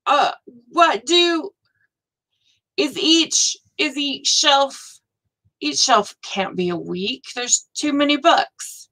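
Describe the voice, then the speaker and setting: A woman's voice: high voice, drawn-out words, pushed and bright, rough recording. Gushing woman hosting a live stream. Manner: gushing, exclaims often, thinks aloud. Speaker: host of a live stitching show. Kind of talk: casual live-stream chat.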